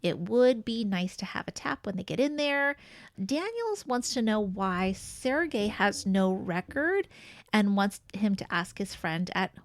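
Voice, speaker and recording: Gravelly-voiced woman podcast co-host. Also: medium pitch, dry recording. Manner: chatty, recounts scenes with quick asides and laughs. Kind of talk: casual chat recapping a TV episode.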